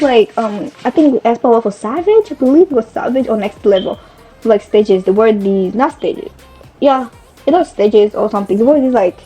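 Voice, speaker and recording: A woman's voice: fairly high pitch, mellow, husky. A young woman chatting casually as a fashion vlogger, rambling and correcting herself as she goes. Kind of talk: casual chat. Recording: faint background music.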